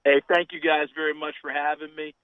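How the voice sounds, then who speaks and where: A man's voice: fairly high pitch, level tone, brisk, clean tone, dry recording. Man calling a radio show, heartfelt, emphatic, tinny phone line, dry sound. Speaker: caller, former player. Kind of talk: radio call-in.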